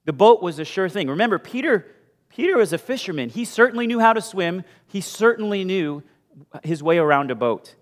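A male pastor preaching a sermon with animated storytelling, moving from loud bursts to hushed asides. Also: high voice, fairly quick. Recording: long hall reverb.

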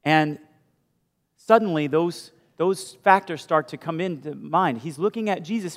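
A male pastor preaching a sermon with animated storytelling, moving from loud bursts to hushed asides. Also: on the high side, normal speed. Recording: long hall reverb.

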